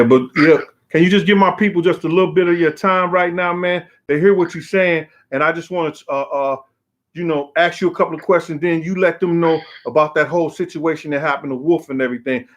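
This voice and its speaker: A man's voice: a little high, a little fast. A man hosting a casual live-stream, greeting viewers by name in street slang, emphatic and repetitive. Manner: emphatic, repeats himself. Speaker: show host.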